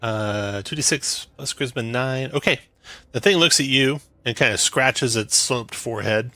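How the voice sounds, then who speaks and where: A man narrating as game master of a tabletop game, describing scenes briskly with frequent fillers. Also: mid-range voice, bright, forceful tone, no echo.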